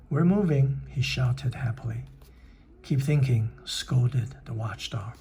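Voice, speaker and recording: A man reading a children's book aloud, pausing to explain and translate it, in a husky, careful manner. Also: mid-range voice, mellow. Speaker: reader.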